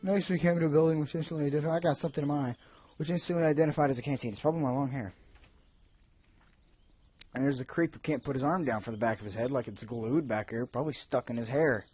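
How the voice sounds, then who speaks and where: A man's voice: medium pitch, fairly even intonation, fast, darkish tone, husky. A man reviewing a video game, reading its text aloud and breaking off into sarcastic, jokey asides. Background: faint game music.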